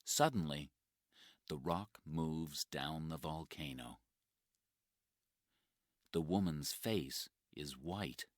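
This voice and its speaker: A man narrating a graded-reader story for English learners, very slowly and clearly spoken. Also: a bass voice, dry recording, studio quality.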